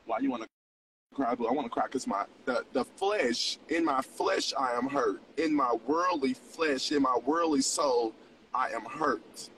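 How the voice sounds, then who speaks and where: A man's voice: mid-range voice, measured pace, fairly bright tone, recorded from a distance, a little hiss or hum, rough recording. A young man in his twenties hosting a livestream, mixing mock preaching with profane, confessional casual talk. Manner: profane, preachy, swings between teasing and confessional. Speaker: livestream host.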